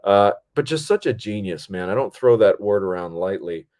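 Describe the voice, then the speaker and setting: Brief: a male film director on a casual podcast with a lowish voice, swearing freely and excited. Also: moderate pace. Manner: animated, profane, enthusiastic. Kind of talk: casual storytelling.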